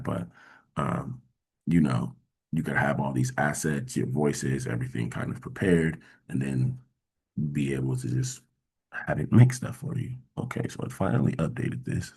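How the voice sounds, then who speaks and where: A man hosting a casual coding workshop, thinking aloud in a halting way with many fillers and mild exasperation. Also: very deep voice, vocal fry, darkish tone, breathy edge. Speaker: workshop host. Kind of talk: casual screen-share coding walkthrough.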